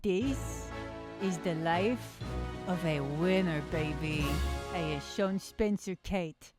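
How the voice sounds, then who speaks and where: A woman voicing a boastful male cat with a put-on Eastern European accent, bragging in broken English in a comedic pitch video. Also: slow pace, over loud music. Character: boastful male cat, proud self-declared winner.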